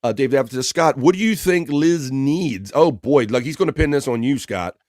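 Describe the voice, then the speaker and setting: A man's voice: mid-range voice, lively intonation, brisk, darkish tone, a little hiss or hum. Upbeat man reading out viewer chat. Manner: upbeat, greets viewers by name. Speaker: live stream host. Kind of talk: casual chat, reading viewer comments aloud.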